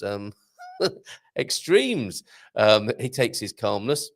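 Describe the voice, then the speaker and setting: Lively, jokey male show host. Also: mid-range voice, slow. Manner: jokey, chatty, laughs often. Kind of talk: live show chat reading viewer comments.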